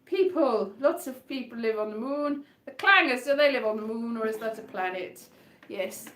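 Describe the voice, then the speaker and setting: High-voiced whimsical woman. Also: expressive, normal speed, fairly bright tone. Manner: whimsical, playful, wandering off on tangents. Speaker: solo live-stream performer. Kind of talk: rambling improvised comic chat between songs. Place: indoor room. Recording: echoey room with faint guitar.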